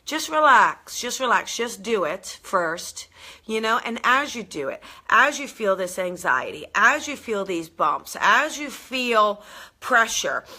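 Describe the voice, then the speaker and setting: Bubbly, bright-voiced woman coach. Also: medium pitch, slow. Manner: bubbly and animated, laughs often, reads viewer comments aloud. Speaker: intuitive coach and live show host. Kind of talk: live-streamed motivational talk to viewers. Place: live video stream.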